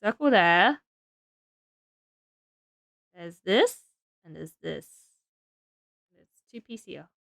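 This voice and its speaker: A woman's voice: fairly low pitch, big pitch swings, extremely slow, creaky, pauses often, fairly bright tone, dry recording. A woman streaming, chatting casually and giggling as she builds and talks to her viewers, tired and trailing off into self-talk. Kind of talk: casual live-stream chat while building.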